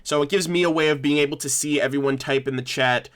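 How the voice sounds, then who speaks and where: A man's voice: fairly high pitch, steady tone, quick pace, fairly bright tone. A young man hosting a casual livestream discussion, rambling with many restarts as he thanks viewers. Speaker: livestream host.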